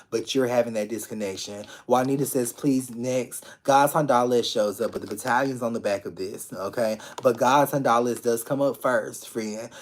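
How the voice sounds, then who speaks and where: A man giving live-streamed tarot readings in a casual, affectionate way, talking straight to viewers, repeating phrases and swearing freely. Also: medium pitch. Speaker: tarot reader.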